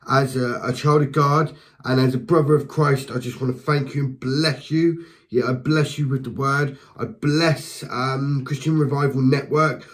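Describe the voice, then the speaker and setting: A man's voice: medium pitch, poor audio. Male preacher, mid-range voice, fervent and passionate, speaks to camera with stumbling repetitions. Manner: passionate, fervent, repeats words and restarts; speaks to the listener directly with encouragement. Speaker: lay preacher. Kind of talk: impassioned spoken testimony.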